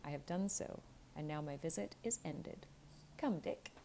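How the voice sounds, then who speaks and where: A woman's voice: low-pitched, expressive, a little slow, creaky, dark tone, slight background noise, exaggerated voice, rough recording. Woman reading a sneering bitter young man. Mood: defiant. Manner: sneering, defiant.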